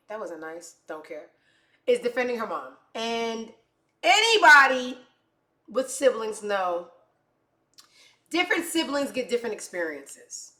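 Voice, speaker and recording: A woman's voice: a little high, sharp tone. A woman hosting a comedy commentary show, delivering a heated, profane rant with blunt swearing. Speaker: show host. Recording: echoey room.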